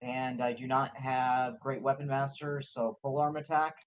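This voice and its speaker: A man's voice: mid-range voice, little pitch movement, a little slow, highs cut off. A man playing a tabletop game, casual and playful in manner. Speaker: player.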